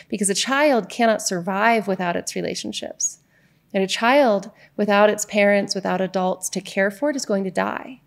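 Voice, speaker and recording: A woman's voice: medium pitch, creaky. A middle-aged woman, a divorce coach, speaking in an earnest, reflective monologue and telling a story, with frequent check-ins to the listener.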